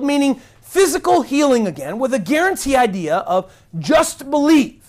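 A woman's voice: high-pitched, very animated, moderate pace, darkish tone. A woman giving an earnest online Bible teaching, indignant and emphatic, repeating words for stress.

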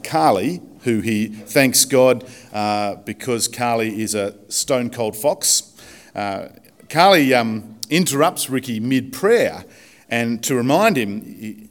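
A man preaching a casual, chatty sermon in church, self-deprecating, with many fillers and restarts. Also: mid-range voice. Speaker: pastor.

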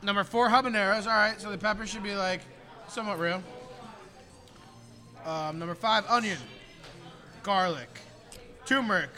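Male podcast co-host, high bright voice, easygoing and profane. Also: moderate pace, pauses often, soft background music. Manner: loose, profane, reads labels aloud. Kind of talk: casual podcast chat.

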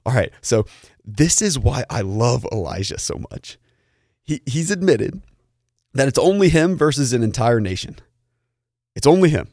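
A man's voice: medium pitch, lively intonation, moderate pace, darkish tone, no room sound, studio quality. A man preaching as a pastor, telling a story in earnest and often repeating words as he restarts. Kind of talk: sermon storytelling.

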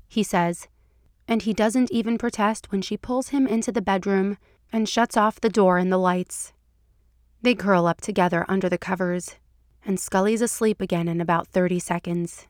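Woman podcast reader, measured fan-fiction narration, mid pitch, dry close mic. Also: steady tone, no room sound.

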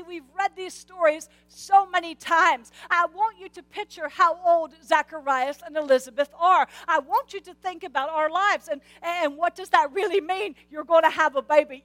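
Very high-voiced woman preacher. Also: no echo. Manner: animated, stammering restarts, rhetorical questions. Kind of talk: sermon.

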